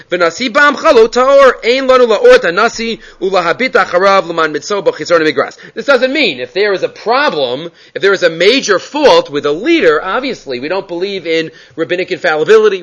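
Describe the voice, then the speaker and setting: A man's voice: high voice, sharp tone. A man teaching a Torah class in English, quoting Hebrew texts and asking rhetorical questions as he explains.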